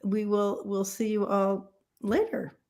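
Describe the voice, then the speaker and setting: A woman's voice: mid-range voice, level tone, slow, mellow. A woman hosting a casual livestream chat who rambles, with many fillers and restarts. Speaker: livestream host.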